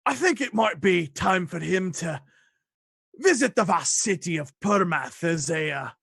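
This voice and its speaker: A man voicing a pompous male royal advisor who makes a grand, drawn-out proclamation in a tabletop game. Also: sits high, expressive, gravelly, a bit bright, breathy edge, no room sound, studio quality, exaggerated voice. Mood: grandiose.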